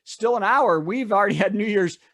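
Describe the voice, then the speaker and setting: A man's voice: high voice, brisk, a bit bright. A man interviewing a guest in a playful, joking, enthusiastic manner. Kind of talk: casual interview chat.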